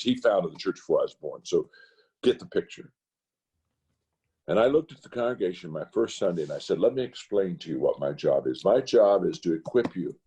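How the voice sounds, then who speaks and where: An older man speaks as a pastor in a roundtable conversation. His voice is husky and mellow, with a very lively pitch that leaps high when he gets worked up. He preaches through anecdotes. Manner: animated, rising to high emphatic rants. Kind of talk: roundtable talk, preacherly storytelling. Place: video call.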